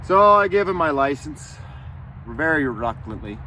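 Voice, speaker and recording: Man, slightly high voice, angry, swearing vlog storyteller outdoors, faint traffic. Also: big pitch swings, normal speed, bright, forceful tone. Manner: angry, profane and rambling. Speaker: vlogger. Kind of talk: casual storytelling.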